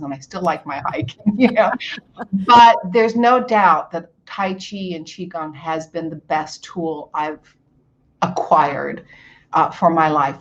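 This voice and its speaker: In a casual interview, a guest actor, an older woman from Hawaii with a lowish voice, tells animated stories, acting out people's words and laughing often. The audio sounds dull.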